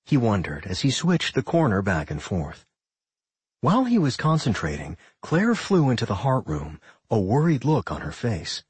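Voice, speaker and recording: A man narrating a fantasy audiobook in an expressive, animated reading. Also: medium pitch, moderate pace, husky, dry recording.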